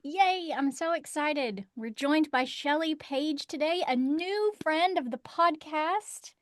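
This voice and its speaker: A woman's voice: high voice, animated, slow, dry recording, clean studio sound. A woman hosting a book podcast, bubbly and effusive in casual chat. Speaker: podcast host.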